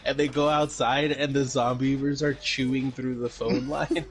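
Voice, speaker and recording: A man's voice: mid-range voice, level tone, normal speed. A man co-hosting a podcast, casually recapping a movie in a rambling way, with lots of fillers, swearing and laughter. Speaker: podcast co-host.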